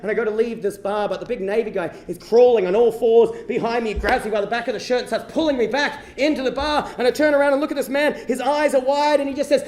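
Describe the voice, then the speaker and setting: A man performs a comic true-life story on a live stage in a very high voice, talking fast. He is animated and swears freely, and his voice echoes through a roomy live hall. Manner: animated, bursts into shouting, swears. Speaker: stand-up storyteller.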